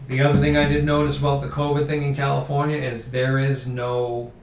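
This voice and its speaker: A man's voice: medium pitch, monotone, brisk. A man chatting casually and profanely, telling a story and acting out the people in it. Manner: loose, profane storytelling with acted-out quotes. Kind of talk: casual chat. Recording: roomy, slightly distant mic with faint background noise.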